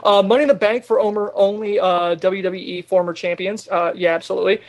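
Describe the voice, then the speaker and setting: A man hosting a casual podcast chat, ranting with animated exasperation and laughing often. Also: sits high, a little fast. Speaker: podcast host.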